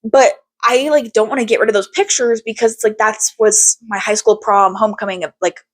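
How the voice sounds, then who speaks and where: Young woman podcast host rambling, candid and animated, swears a lot, lots of likes and ums. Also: a little high, fairly quick. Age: young adult. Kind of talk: casual chat.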